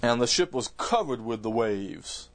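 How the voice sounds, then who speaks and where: A man's voice: mid-range voice, animated, a little slow. Emphatic male Bible preacher. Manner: emphatic, with repeated words and restarts. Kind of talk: expository Bible sermon.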